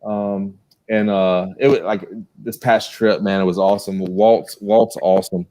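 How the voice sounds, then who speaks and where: A man's voice: on the low side, steady tone, a little slow, warm tone. A man with a Southern accent chatting casually on a livestream, rambling with lots of restarts and laughter. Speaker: co-host.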